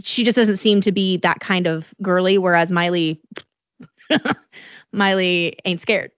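A woman co-hosting a pop culture podcast, excitable and colloquial, laughing often. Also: on the low side, slow, clear, resonant tone, no room sound. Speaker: podcast co-host. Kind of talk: casual chat.

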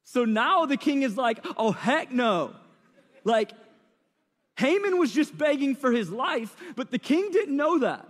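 A man's voice: extremely high pitch, sing-song, unhurried, in a large hall. A man preaching a sermon, retelling the story in a casual, slangy, conversational way.

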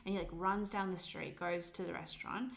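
A woman's voice: fairly low pitch, fairly even intonation, a little fast, creaky. Chatty woman telling a story. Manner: chatty, lots of "like" and "um" fillers. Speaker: podcast co-host. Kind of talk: casual chat, storytelling.

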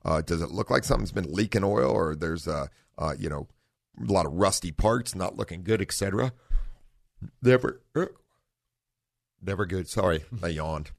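A middle-aged man hosting a car talk radio show in a studio, relaxed and rambling, often correcting himself. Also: deep voice, brisk, creaky, dry recording. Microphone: studio microphone.

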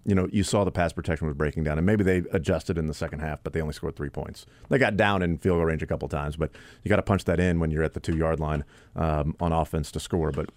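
A man's voice: low-pitched, darkish tone, dry recording. A man hosting a sports talk radio show, analyzing a football game conversationally with frequent fillers. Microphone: studio broadcast mic.

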